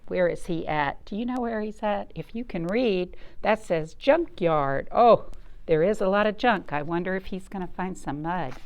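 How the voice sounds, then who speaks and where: A woman librarian reading a picture book aloud at children's storytime, asking the listeners questions along the way. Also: medium pitch. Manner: animated, asks the listeners questions.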